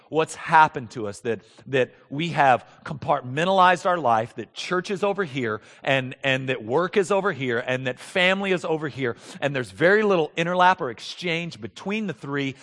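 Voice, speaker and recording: A man's voice: fairly high pitch, a bit bright. Earnest preacher man in a reverberant hall. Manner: earnest, emphatic, often repeats words while building points. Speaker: pastor. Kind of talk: sermon.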